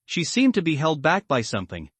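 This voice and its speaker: Guy doing a scared little fortune teller girl, shaky, pitch a bit up. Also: huge pitch swings, a little fast, no echo. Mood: frightened. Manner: uneasy, trembling.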